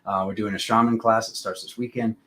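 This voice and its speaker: A man hosting a casual live-stream tarot reading, talking in an unhurried, rambling spiritual way with many fillers. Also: on the low side, little pitch movement, bright, forceful tone, poor audio.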